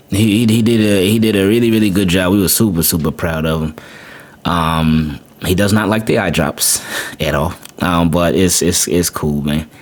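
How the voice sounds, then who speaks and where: A man hosting a podcast, telling a personal story casually, often repeating words and adding "man". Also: low-pitched. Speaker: podcast host. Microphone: podcast microphone.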